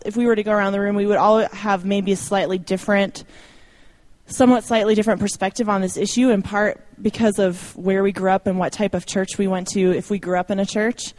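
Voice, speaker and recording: A young adult woman speaking informally to a church audience about ministry, chatty and self-deprecating, with light laughs. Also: mid-range voice. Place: church meeting room.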